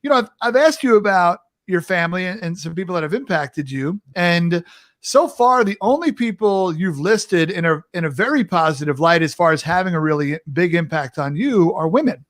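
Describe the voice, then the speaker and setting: A man's voice: sits high, animated, moderate pace, no room sound, clean studio sound. A male talk show host asking questions in an easygoing, laughing way, with many "uh"s and restarts. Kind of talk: casual interview chat.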